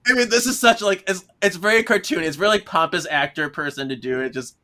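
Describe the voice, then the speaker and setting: A man's voice: sits high, fast. A man co-hosting a podcast in casual chat, recapping a book with lots of laughter and acted-out lines. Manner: animated, laughing often, acts out characters' lines. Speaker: podcast co-host.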